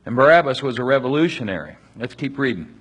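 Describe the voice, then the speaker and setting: A man's voice: mid-range voice, big pitch swings, fast, breathy edge. A man leading a Bible study, reading passages aloud and explaining them in a conversational way with frequent restarts.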